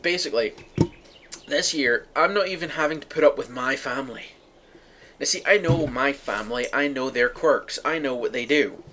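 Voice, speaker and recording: A man's voice: medium pitch, normal speed, noisy background. A young man from the UK ranting sarcastically to his viewers, profane and exasperated. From United Kingdom. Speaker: vlogger. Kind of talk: ranting monologue to camera.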